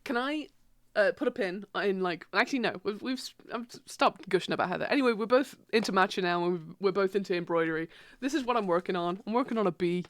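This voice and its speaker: A woman's voice: medium pitch, no echo, clean studio sound. A woman in her thirties livestreaming from her PC at home, chatting casually, swearing freely and laughing often. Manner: animated, swearing, quick to laugh. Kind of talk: casual chat while streaming.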